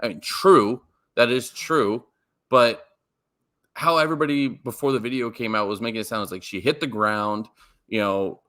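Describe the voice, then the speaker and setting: A man's voice: medium pitch, moderate pace, fairly bright tone. A man co-hosting a sports podcast, talking in a rambling, emphatic way with many fillers and restarts. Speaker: podcast co-host. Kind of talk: casual sports podcast chat.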